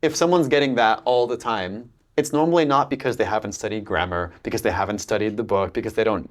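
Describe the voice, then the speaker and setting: Californian guy, accent coach, rambling and animated, lots of "like" and restarts. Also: mid-range voice. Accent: Californian American. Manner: animated storyteller, many fillers and restarts. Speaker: accent coach, interview guest. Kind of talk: casual interview talk.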